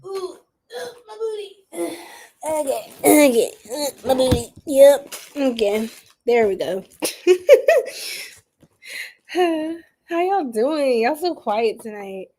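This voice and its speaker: Giggly high-voiced woman reading tarot. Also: animated, slow pace, dark tone. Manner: bubbly, giggly, slangy, talks to chat. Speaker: tarot reader. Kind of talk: live-stream tarot reading.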